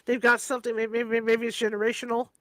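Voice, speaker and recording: Very high-voiced, fast-talking male host. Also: completely flat delivery, a bit bright, no room sound. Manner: chatty, quick asides. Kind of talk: casual interview chat.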